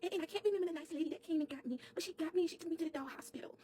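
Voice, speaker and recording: A woman's voice: very high voice, rapid-fire, mellow, a little hiss or hum. A woman voicing a sweet, chatty little girl doll who stammers and repeats her words as she tells a comic story to camera.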